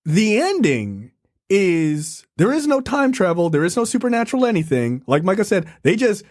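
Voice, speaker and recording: Guy ranting about a movie, high lively voice, dry close mic. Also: normal speed, no room sound. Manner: animated, profane, laughing. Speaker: podcast co-host. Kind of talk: casual review chat.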